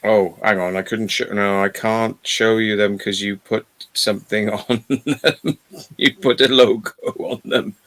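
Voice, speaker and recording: A man's voice: on the low side, fairly even intonation, measured pace, fairly bright tone. A man in casual chat, telling rambling stories and swearing freely.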